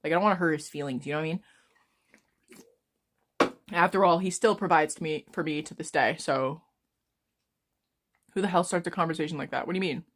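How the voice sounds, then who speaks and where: A woman in her twenties chatting casually on a live stream, rambling and swearing freely as she talks fast. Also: low-pitched. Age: 20s. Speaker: livestreamer.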